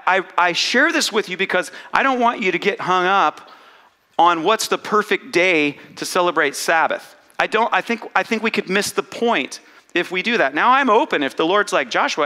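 A man preaching a conversational sermon as pastor, animated, with self-mocking asides and playful back-and-forth with his own thoughts. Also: a little high. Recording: long hall reverb.

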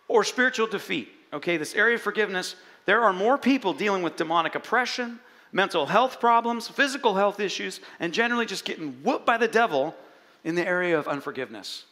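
A man preaching a sermon in an animated way, swinging between loud and soft. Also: high voice. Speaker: pastor. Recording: long hall reverb.

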